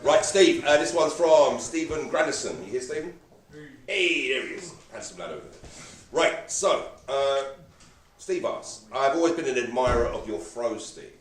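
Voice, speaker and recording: A man hosts a live event, reading out questions and teasing the guests. His voice sits at a middle pitch. He is heard from a distance in an echoey room, with faint noise behind him. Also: animated, normal speed. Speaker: host.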